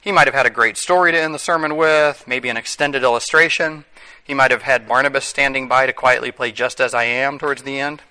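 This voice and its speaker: Bright-voiced man preaching a sermon. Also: mid-range voice, rough recording. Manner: conversational, self-correcting, wry asides.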